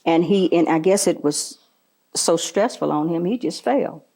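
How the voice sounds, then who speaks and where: A woman's voice: on the low side, measured pace, creaky, warm tone. An older woman from the American South, being interviewed for an oral history, earnestly recalling past events and often affirming with short repeated replies.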